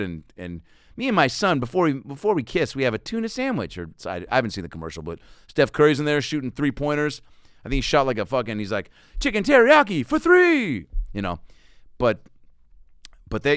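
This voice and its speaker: A man's voice: on the low side, fairly bright tone, clean tone, no room sound, studio quality. A man hosting a comedy podcast, telling loose, profane travel stories and riffing with silly voices. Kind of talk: casual comedic monologue.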